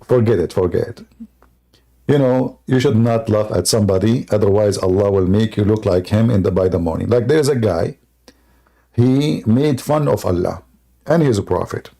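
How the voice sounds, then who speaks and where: Man, debate host, dark gravelly voice, mocking and jokey, non-native English. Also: on the low side, moderate pace. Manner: sarcastic, joking, laughs at his own jokes. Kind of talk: mocking live debate monologue.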